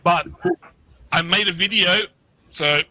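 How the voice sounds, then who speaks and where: A man's voice: sits high, slow, bright, forceful tone, poor audio. A middle-aged man telling a story as a guest over a video call, rambling, swearing freely and restarting his sentences. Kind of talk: casual storytelling.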